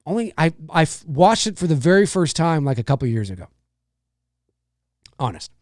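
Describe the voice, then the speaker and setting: This is a man hosting a live-streamed talk show, chatting off the cuff with viewers and reading their comments. His delivery is rambling, with frequent restarts, and his pitch moves a lot. The sound is dry and close. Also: very animated, a little mellow, no room sound. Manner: rambling, many restarts and repeated phrases; drops into low, slow impressions and squeaky high mimicry.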